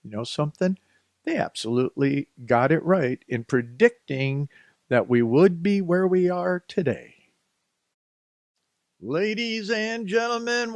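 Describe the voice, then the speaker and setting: A man's voice: a little high, dry recording, studio quality. A man with a Northeast Ohio accent hosting a talk radio show, ranting in a sarcastic, scolding monologue.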